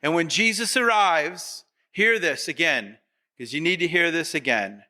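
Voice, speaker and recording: This sermon comes from a male pastor whose voice is on the high side, pushed and bright, at a measured pace. Animated throughout, he poses repetitive rhetorical questions to his audience and performs the congregation's quoted voices.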